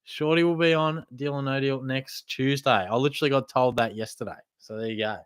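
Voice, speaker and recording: A man's voice: medium pitch, steady tone, fairly quick, clear, resonant tone, dry recording, studio quality. A man with an Australian accent hosting a livestream, reading out chat questions and answering in laid-back banter. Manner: chatty, laid-back banter with swearing and laughs. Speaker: livestream host.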